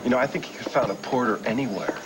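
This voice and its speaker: A man's voice: medium pitch, racing, close to an everyday voice. An actor playing a playful, joking young man in a 1980s TV soap opera. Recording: hissy old TV broadcast recording.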